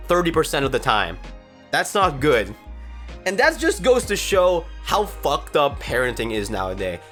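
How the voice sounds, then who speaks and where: A woman's voice: extremely low pitch, fairly bright tone. A woman telling a story in a casual vlog, rambling and swearing with exasperated outbursts. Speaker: storytime vlogger.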